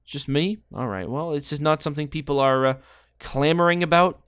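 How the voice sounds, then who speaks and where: A man's voice: on the high side, fairly quick, fairly bright tone, clean tone, no echo. Dry-voiced man rambling over a game. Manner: rambling, joking, thinking aloud. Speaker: gameplay commentator. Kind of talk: casual game commentary.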